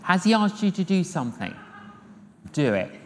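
A man's voice: high-pitched, moderate pace. An older man delivers a sermon, spinning humorous stories and repeating his phrases for effect. His voice rings out with a long hall reverb. A faint hiss of noise sits under the recording. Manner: lively storyteller acting out dialogue, repeats phrases. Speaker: evangelist preacher.

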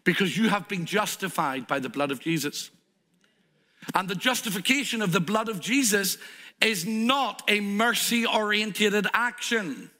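A man's voice: high voice, a little slow, in a large hall. A male preacher delivering a sermon in an emphatic way, acting out the stories he tells to make his point. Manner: animated, emphatic, plays out stories. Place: church.

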